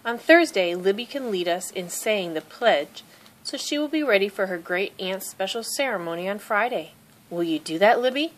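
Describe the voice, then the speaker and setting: A woman's voice: medium pitch, lively intonation, moderate pace, lightly acted. Woman reading as a patient schoolteacher. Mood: encouraging. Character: kind grown woman schoolteacher explaining patiently.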